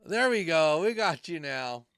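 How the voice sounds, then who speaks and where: A man's voice: on the high side, expressive, unhurried, fairly bright tone, clean tone, dry recording, studio quality. A man hosting a live podcast stream, talking loosely and cursing as he rambles through tech troubles. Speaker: podcast host. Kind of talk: casual live-stream chat.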